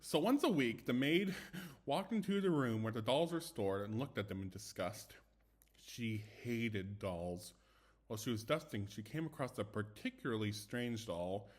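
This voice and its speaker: With a lowish voice and a slightly slow pace, a young man casually reads ghost stories aloud without a dedicated mic. He stumbles, restarts, and adds chatty self-commentary along the way.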